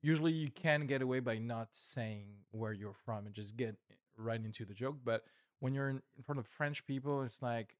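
A man comedian in a casual conversation, talking in a relaxed, hesitant way with many fillers. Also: medium pitch, normal speed, no echo, studio quality. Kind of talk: casual chat.

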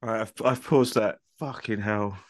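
Excitable podcast co-host man. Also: lowish voice, normal speed, dry recording, clean studio sound. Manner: excitable, stammers when worked up. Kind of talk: casual banter.

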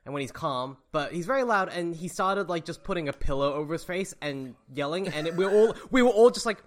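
A co-host on a casual book-club podcast who tells little anecdotes and reads passages aloud. The voice swings widely in pitch. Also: lively intonation, a little fast.

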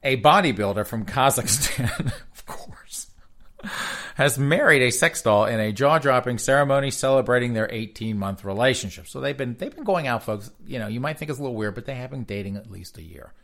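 A man's voice: mid-range voice, lively intonation, a little fast, a bit bright. A man hosting comedic news commentary with a sarcastic, mocking delivery and frequent laughter. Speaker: host.

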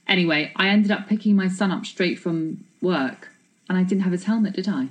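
A woman chats in a lively, self-mocking way, spinning anecdotes with a slightly low voice. Her talk rambles happily from one story to the next. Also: a little fast, rough recording. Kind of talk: casual chat.

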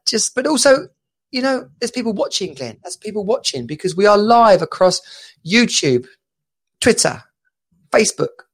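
A man with a somewhat high, gravelly voice hosts a loose, chatty live show. He rambles and laughs easily as he talks over a video call. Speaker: podcast host. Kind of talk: casual live-stream chat.

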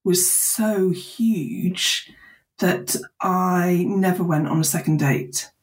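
A woman's voice: fairly low pitch, slow. A woman, a podcast guest talking candidly and emotionally in a chatty, self-deprecating way. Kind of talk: candid conversational interview.

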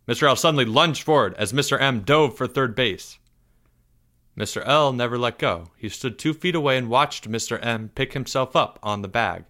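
Bright-voiced male storyteller. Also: mid-range voice, normal speed. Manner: expressive, drops softer for suspense. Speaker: narrator. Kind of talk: storybook reading aloud.

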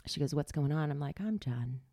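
A woman's voice: low-pitched, animated, brisk, mellow, no echo, clean studio sound. A middle-aged woman candidly telling her life story in a casual chat, laughing often and sometimes dropping to a near whisper.

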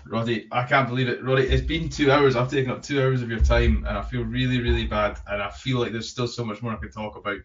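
A male host chats eagerly in a casual interview, quick to laugh. He sits back from the mic, and his voice comes through dull and lo-fi. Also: mid-range voice, steady tone. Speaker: podcast host. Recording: distant dull lo-fi sound.

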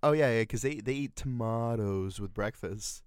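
Low-voiced man teasing crudely. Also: normal speed, smooth, dry recording, studio quality. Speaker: podcast co-host, military veteran. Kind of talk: casual podcast banter.

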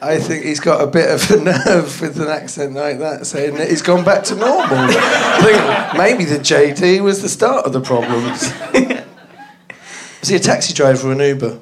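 A man's voice: on the high side, animated, normal speed, heavy background noise. A man co-hosting a podcast, chatting in a dry, wry way and laughing often. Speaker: podcast co-host. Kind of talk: casual chat.

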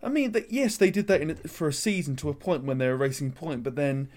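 A man's voice: a little high, quick pace, a little mellow. Chatty man discussing racing. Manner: chatty, opinionated, presents the news then hands over. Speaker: podcast co-host. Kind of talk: casual motorsport discussion.

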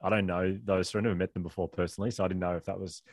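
A middle-aged man, a guest and author telling a candid story in a fast, rambling way, restarting his sentences often. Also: low-pitched, little pitch movement, dry recording, studio quality. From Australia.

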